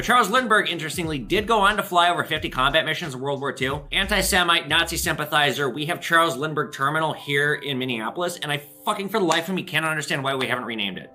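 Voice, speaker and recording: Fast, lively, bright-voiced man. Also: on the high side. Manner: profane, animated storytelling. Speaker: pawn shop owner and show host. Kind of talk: casual monologue to camera.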